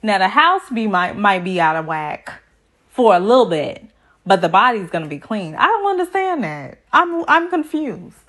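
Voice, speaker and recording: A woman's voice: mid-range voice, very animated, moderate pace, a bit bright. A woman recapping a reality show in a sassy, chatty way, full of slang asides. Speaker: TV recap vlogger.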